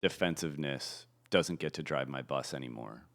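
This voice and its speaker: A man's voice: extremely low pitch, moderate pace, vocal fry. A man speaking as a podcast guest, earnest and self-reflective in candid conversation.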